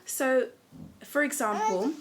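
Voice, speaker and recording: A woman speaking at home in a casual self-help talk, gentle and earnest, often restarting her sentences. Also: high voice, takes it slowly, heavy background noise. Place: at home with a small child nearby.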